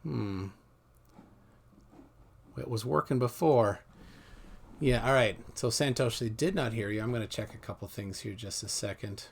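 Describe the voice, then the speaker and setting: A man hosting a casual livestream debate, talking in halting bursts with lots of fillers. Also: mid-range voice, vocal fry, breathy edge. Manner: halting, many fillers, chatty. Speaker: livestream host.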